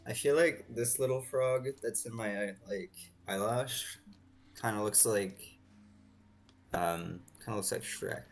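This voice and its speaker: Guy with a lowish voice chatting about his game art, relaxed, dry jokes. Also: measured pace, soft background music. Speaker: game developer co-host. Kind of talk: casual chat while working.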